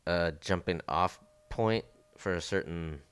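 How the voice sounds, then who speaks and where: A man interviewing a guest in casual chat, asking quick follow-up questions. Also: sits low, a bit bright, clean tone.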